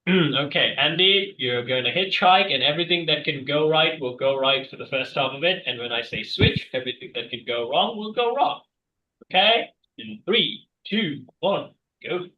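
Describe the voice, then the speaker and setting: A man hosting an improv game, giving brisk instructions and chuckling asides over a video call. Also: a little high, lively intonation. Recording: distant, dull, echoey mic.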